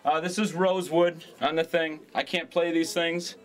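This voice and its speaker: Man, hard-sell store owner, ranting pitch that jumps between shouts and mutters, slightly higher voice. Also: little pitch movement, normal speed.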